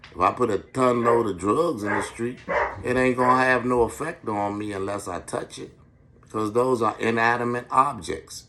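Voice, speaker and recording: A man's voice: medium pitch, a bit bright. A middle-aged man from Washington, D.C. who hosts a podcast, telling street-wise stories in a blunt, profane, preachy monologue. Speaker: podcast host.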